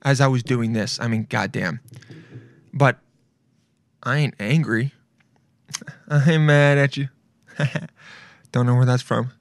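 A man hosting a solo podcast in casual chat, loud and excitable, rambling and swearing freely. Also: medium pitch, takes it slowly, vocal fry, pauses often, dry recording, studio quality. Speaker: podcast host.

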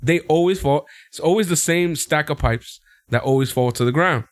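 The recording is dry and clean, studio-made, as a man at normal speed casually recaps wrestling for a podcast he co-hosts. He acts out quotes in high voices, laughing often and staying animated.

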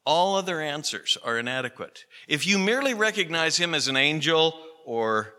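A male pastor preaching a sermon in a chatty storytelling way, with plenty of fillers, slowing down to stress key phrases. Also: fairly high pitch, big pitch swings, pushed and bright. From Pacific Northwest, US. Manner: conversational, storytelling with fillers like "you know". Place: church hall. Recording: radio broadcast of a sermon in a church hall with long reverb.

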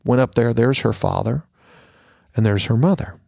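A middle-aged man with a gravelly, rough-edged voice tells a personal story in an earnest way, his voice dropping to a hush at the sad moments. He hosts a podcast, and the sound is dry and close with no room echo. His pitch sits in a middle range for a man. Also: moderate pace. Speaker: podcast host. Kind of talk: personal story and holiday message.

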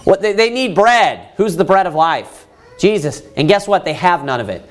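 A man delivers a sermon in a high, lively voice that swings widely in pitch. He reads scripture aloud and keeps pressing his listeners with rhetorical questions. When he quotes the brothers pleading, he raises his voice. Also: normal speed. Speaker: preacher.

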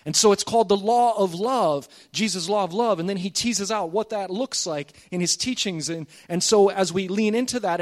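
A man's voice: high-pitched, normal speed, hardly any pauses. A man preaching a sermon as pastor, earnest and emphatic, calling on the congregation to repeat after him.

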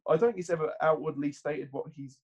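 A man's voice: fairly high pitch, quick pace, dull audio. A man in casual podcast chat, reflective and hedging his points. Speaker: podcast co-host.

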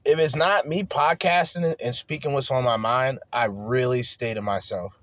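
In a solo opinion rant, a podcast host gets heated, profane and emphatic, firing off rhetorical questions. His mid-range voice is fairly bright with fairly even intonation at a normal speed, and there's no room sound.

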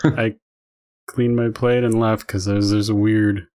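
A man's voice: fairly low pitch, level tone, normal speed, darkish tone. A tired man telling a rambling, profanity-laced story on a podcast, often laughing as he goes. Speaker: podcast co-host. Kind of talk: casual storytelling chat.

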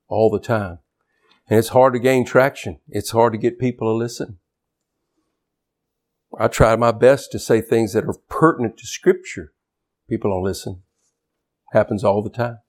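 An older man, a pastor, preaching a sermon in a church, animated and shouting at times for emphasis. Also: lowish voice.

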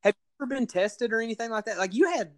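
A man telling a funny story on a casual podcast, laughing often and acting out loud quotes. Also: extremely high pitch, fast talker, no echo. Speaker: podcast host.

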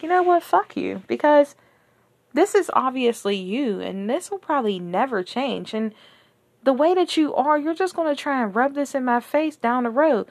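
A woman's voice: a little high, gravelly, no room sound. A young woman hosting a podcast, bluntly and profanely venting about a relationship in candid storytelling. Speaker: podcast host.

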